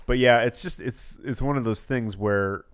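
A man's voice: mid-range voice, moderate pace, clean tone, no room sound. A man co-hosting a podcast in casual chat, rambling with restarts and swearing freely. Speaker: podcast co-host.

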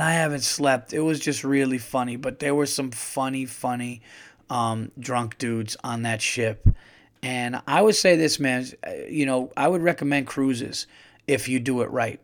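Rambling, profane man telling stories casually. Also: mid-range voice. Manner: loose, profane, rambling with many fillers and restarts. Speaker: podcast host. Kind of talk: casual storytelling monologue.

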